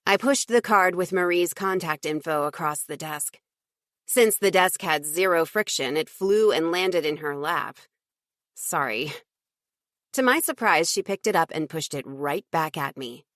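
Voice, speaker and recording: A woman reading a first-person audiobook in an even, lightly wry storytelling voice. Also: lowish voice, moderate pace, dry recording, clean studio sound. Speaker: audiobook narrator.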